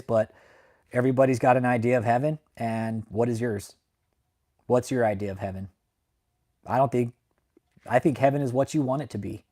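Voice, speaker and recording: A young channel host speaks to his livestream audience in a mid-range, slightly mellow voice. His casual talk rambles and turns emotional, full of heavy swearing, with "man" closing his sentences.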